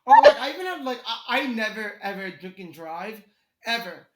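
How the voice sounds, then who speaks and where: A man, a comedian and guest, telling animated stories in casual podcast chat and laughing often. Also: high-pitched, normal speed, roomy sound, heavy background noise.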